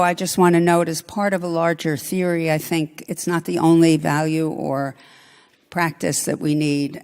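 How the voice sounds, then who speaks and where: A woman's voice: low-pitched, creaky, darkish tone. A woman giving an academic conference talk, thinking aloud with frequent ums and self-corrections. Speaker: conference speaker. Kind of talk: academic lecture. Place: lecture hall. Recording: reverberant lecture hall.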